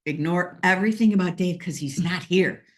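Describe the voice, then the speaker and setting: Lady host chatting with her team, kinda low voice, lots of ums, jokey. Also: a little fast. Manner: chatty, joking, many fillers. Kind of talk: casual team meeting chat.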